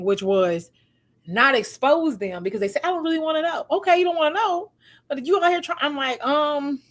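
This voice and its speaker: A woman hosting a relationship advice talk, telling stories casually and acting out what people said, often laughing. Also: a little high. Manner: animated, acts out quoted voices, laughs often. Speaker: host giving relationship advice.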